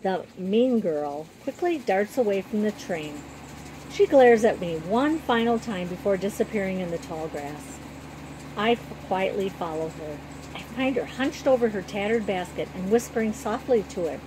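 Lady reading a kids story, calm and gentle, noisy rumble behind. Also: normal speed. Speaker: narrator. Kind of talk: storybook narration, first person.

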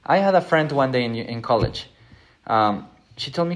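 With a medium-pitched, animated voice at a moderate pace, a middle-aged man gives a Bible lesson. He is conversational, earnest, and self-deprecating, and he acts out quoted voices.

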